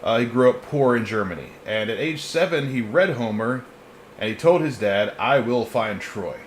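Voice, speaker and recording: A man's voice: medium pitch, lively intonation, moderate pace, a little hiss or hum. A man hosting a live history podcast in a casual, joking way, often laughing between points. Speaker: podcast host presenting the topic.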